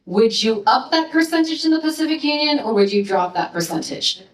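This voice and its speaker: A high-voiced woman gives a lecture on her research, talking in a chatty, playful way and tossing in quick asides. She sounds a little distant from the mic, and the hall around her is echoey. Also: animated. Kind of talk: presenting research to an audience.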